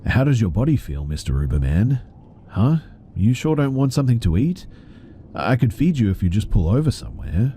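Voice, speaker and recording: A man voicing an unhinged woman passenger in a horror story, eerily soft and sing-song. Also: lowish voice, very animated, normal speed, slight background noise, voice pushed up. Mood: eerie coaxing.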